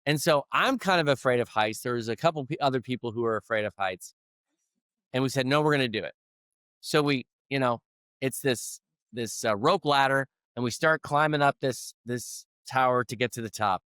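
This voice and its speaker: A man's voice: medium pitch, moderate pace, fairly bright tone, smooth, no echo, studio quality. A middle-aged man, a leadership coach, telling a personal story in an interview in an earnest, conversational way. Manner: earnest storyteller who acts out quoted dialogue.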